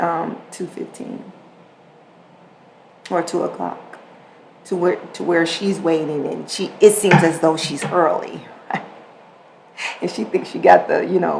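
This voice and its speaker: A woman's voice: lowish voice, vocal fry, slight background noise, rough recording. A woman hosting a podcast, telling a household story in casual speech, repeating her words and acting out both sides of a conversation. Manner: animated, repeats words, acts out quoted exchanges. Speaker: podcast host.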